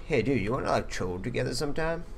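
Joking young man with lively pitch. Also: fast talker, gravelly, background noise. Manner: joking, trash-talking, bursts into loud laughter. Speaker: gaming channel host. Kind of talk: casual gaming banter.

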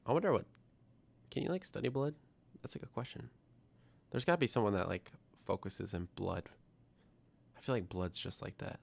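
Gravelly young man chatting on a livestream. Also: lowish voice, very animated, moderate pace, long pauses. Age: young adult. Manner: rambling, reads chat aloud, self-deprecating. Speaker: livestream science show host. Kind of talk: casual livestream chat.

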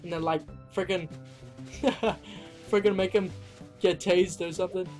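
A gaming YouTuber giving goofy, excitable let's-play commentary. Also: mid-range voice, a little slow, soft background music.

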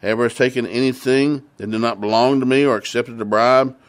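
A man's voice: medium pitch, steady tone, brisk, no echo, natural voice. A man playing a solemn aging prophet.

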